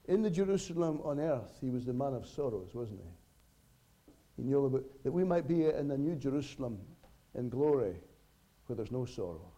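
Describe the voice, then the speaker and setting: A man preaching a sermon, his voice very dark and mellow at an ordinary pitch. He speaks earnestly, pausing for effect and letting his volume rise and fall sharply. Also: sing-song. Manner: earnest, with dramatic pauses and sudden swells and drops in volume.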